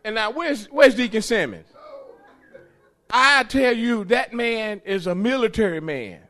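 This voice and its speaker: Man, church testimony, very high, bright, folksy and excitable. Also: measured pace. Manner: folksy, excitable, laughs while telling, hollers at the high points. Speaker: church member giving a testimony. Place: church sanctuary.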